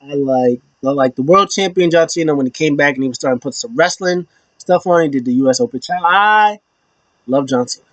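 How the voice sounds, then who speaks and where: A young man giving a casual, animated wrestling recap in slangy talk, now and then acting out the wrestlers in a pitched-up voice. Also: no echo. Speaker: wrestling show reviewer. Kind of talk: casual opinion vlog.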